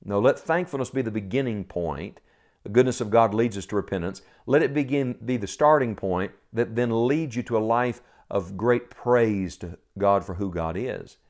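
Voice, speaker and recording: A man's voice: on the low side, moderate pace, a little mellow. A middle-aged man preaching a sermon, earnest and pleading, full of rhetorical questions.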